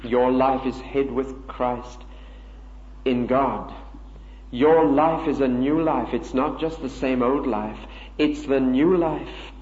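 A man's voice: medium pitch, slow pace, a little mellow. A man preaching a sermon in an earnest, emphatic way, with rhetorical questions. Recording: roomy, dull lo-fi recording.

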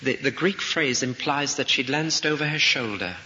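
Vividly retelling a story and asking rhetorical questions, this preacher speaks at a moderate pace in a bright, pushed, mid-range voice. Faint noise and the echo of a reverberant hall color the dull recording.

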